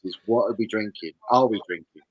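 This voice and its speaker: A man co-hosting a casual chat, lively and animated. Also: on the low side, a little fast, muffled recording.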